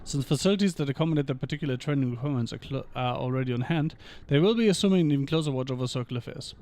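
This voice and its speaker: Talking very fast at a medium pitch, a game streamer reads lore passages in an even tone and slips dry little comments in between them.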